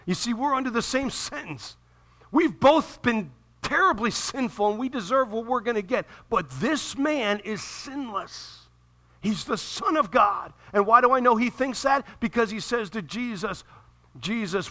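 A man preaching a sermon to a congregation, moving from calm teaching to loud, impassioned delivery as he acts out voices from the scripture. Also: very high-pitched, unhurried. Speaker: pastor.

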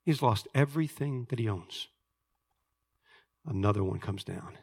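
A man preaching a sermon as a pastor, telling a story and swinging from hushed asides to loud, emphatic points. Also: on the low side, animated, a little slow, creaky, husky.

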